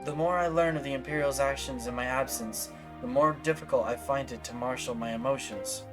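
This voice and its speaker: A man's voice: mid-range voice, fairly quick, music in the background, lightly acted. A man voicing a proud, grave older warrior in a game, speaking in a formal, solemn, old-fashioned way.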